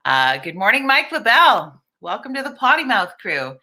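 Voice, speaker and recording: A woman's voice: mid-range voice, big pitch swings, normal speed, pushed and bright. A middle-aged woman hosting a casual live-stream chat, talking candidly, swearing freely and greeting viewers by name. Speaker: livestream host.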